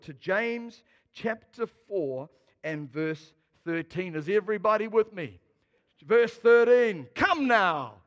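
A man preaching a sermon, expressive and dramatic, swinging between quiet asides and loud emphasis. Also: high-pitched, long reverb tail. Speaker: pastor.

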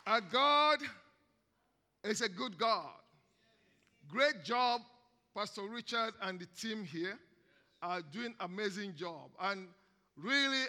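A man with a Nigerian accent preaching a lively sermon as guest preacher, calling on the congregation to repeat after him. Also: high voice. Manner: energetic, call-and-response with congregation. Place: large church hall. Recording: long reverb of a large hall.

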